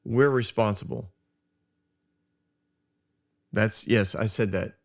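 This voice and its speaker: A man's voice: fairly low pitch, slow pace, gravelly. A man hosting a podcast, reflecting earnestly on a scripture passage and often restarting his sentences as he thinks aloud. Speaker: podcast host teaching scripture. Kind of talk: reflective teaching talk. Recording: dull lo-fi sound.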